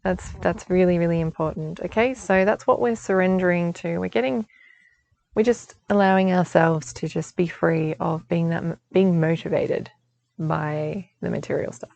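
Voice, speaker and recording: A woman's voice: lowish voice, moderate pace, vocal fry, darkish tone, rough recording. A woman giving a chatty spiritual guidance talk outdoors, reassuring and laughing often. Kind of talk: casual spiritual forecast talk.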